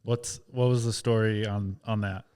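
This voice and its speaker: A man's voice: on the low side, fairly even intonation, moderate pace, a little mellow, smooth. A man hosting a podcast, asking short prompting questions. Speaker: podcast host. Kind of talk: casual interview.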